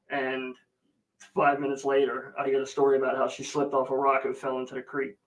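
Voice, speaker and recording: A man hosting a casual livestream, his voice sitting a touch higher than most men's. He talks in a loose, rambling way, full of fillers and side comments, and stops mid-story to greet viewers by name. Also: little pitch movement, normal speed, poor audio. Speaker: livestream host. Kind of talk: casual live chat.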